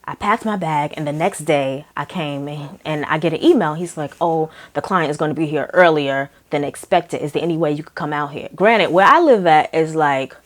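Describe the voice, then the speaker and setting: A young woman telling a story from her work as a makeup artist in a casual, animated way, acting out the dialogue. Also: low voice, moderate pace, few pauses. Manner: chatty, animated, acts out dialogue with laughs.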